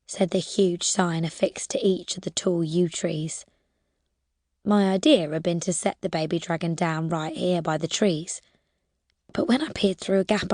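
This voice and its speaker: A woman narrating a first-person adventure audiobook in a lively, expressive way, now and then dropping to a whisper. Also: on the low side, dry recording, studio quality.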